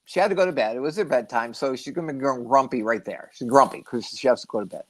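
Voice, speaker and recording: A middle-aged woman hosting a casual livestream from home, rambling and telling stories with lively expression. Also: a bass voice, quick pace. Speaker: host.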